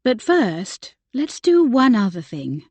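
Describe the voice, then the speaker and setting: A woman's voice: a little high, sing-song, slow, a little mellow, husky, dry recording, exaggerated voice. A woman reading the part of a shy, hopeful young woman in love, speaking lightly. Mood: eager.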